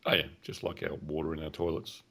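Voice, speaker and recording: A man co-hosting a podcast, teasing his partner in a dry, deadpan way. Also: very deep voice, fairly quick, creaky. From Australia. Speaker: podcast co-host. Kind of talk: casual chat.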